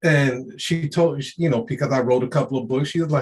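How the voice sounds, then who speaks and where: A man's voice: mid-range voice, fairly quick, few pauses, darkish tone, slight background noise. A man giving an unscripted motivational rant, streetwise, profane and emphatic, often laughing. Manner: streetwise slang. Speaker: motivational speaker.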